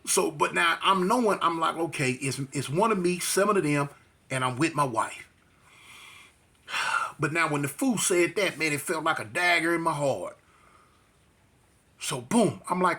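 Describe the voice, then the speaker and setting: Animated raspy man telling a street story. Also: a little high, unhurried, long pauses. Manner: acts out voices and fight sounds, slangy.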